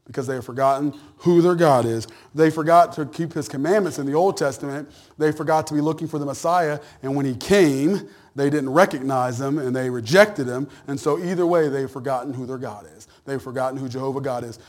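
A man preaching a sermon, emphatic and animated with joking asides. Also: mid-range voice, a little fast. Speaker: pastor.

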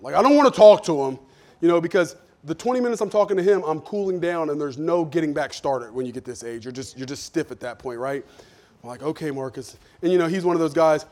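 Middle-aged pastor, male, slightly raised voice, folksy sermon storyteller who swings between quiet and loud. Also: on the high side, lively intonation, fast talker.

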